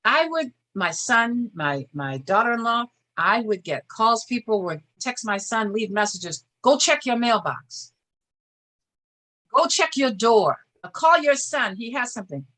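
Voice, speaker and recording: An older woman with a bright, clear voice talks as an interview guest. She speaks earnestly and measuredly, breaking into short restarts as she reflects. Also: fairly high pitch, sing-song, a little slow. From Boston area. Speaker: interview guest, former state senator.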